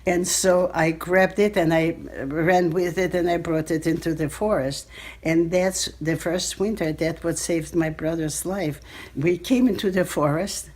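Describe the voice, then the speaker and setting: Woman in her eighties, from Belarus, lowish voice, halting storytelling, pauses to find words, cell phone recording. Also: fairly even intonation, a little mellow. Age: 80s. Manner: halting, searching for words, frequent restarts. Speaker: Holocaust survivor interviewee. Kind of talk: personal storytelling in an interview.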